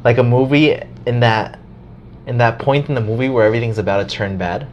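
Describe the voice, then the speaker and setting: An animated man talks in a loose, casual podcast chat and swears freely as he tells a story. His voice is mid-pitched. A faint hiss of ambience sits under it. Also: brisk, dull audio.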